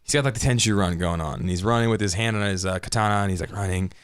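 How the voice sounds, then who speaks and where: A man hosting a podcast, retelling an anime episode in casual, lively chat and laughing often. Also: low voice, rapid-fire, smooth, no room sound, studio quality. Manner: animated storyteller, laughs often. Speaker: podcast host.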